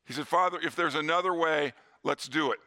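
A middle-aged man preaching a sermon in a church, earnest, slowing down and dropping to a hush on key lines. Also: fairly high pitch. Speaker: pastor.

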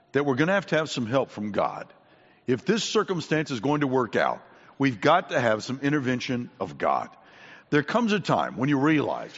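A man preaching a sermon, repeating his main points and often clearing his throat. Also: mid-range voice, a bit bright. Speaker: pastor. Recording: dull sound with long hall reverb.

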